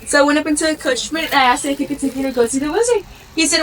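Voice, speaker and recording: A woman with a high, bright voice spins a lively retelling for her vlog. She acts out each character as she goes, with a faint hum of noise behind her. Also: racing, rough recording. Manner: lively, acting out the lines of characters. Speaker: vlogger. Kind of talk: animated storytelling.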